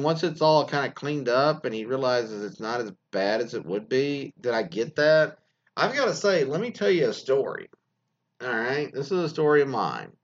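A man hosting a loose comedic show, rambling through listener stories with constant fillers, restarts and laughs. His pitch swings widely from phrase to phrase. The recording is dull and lo-fi. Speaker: host reading listener stories. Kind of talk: casual comedic commentary.

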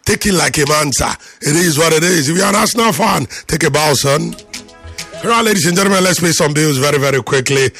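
Animated, gravelly man hosting sports radio. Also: on the high side, a little fast, no echo, faint music behind. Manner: animated, teasing, preachy rant. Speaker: radio sports show moderator. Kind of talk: call-in sports talk radio.

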